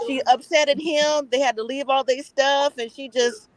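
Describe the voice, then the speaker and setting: A woman, a guest panelist calling in by phone. She speaks in an excitable, exclaiming way. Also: high-pitched, normal speed, no echo, rough recording. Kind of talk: casual live-stream chat.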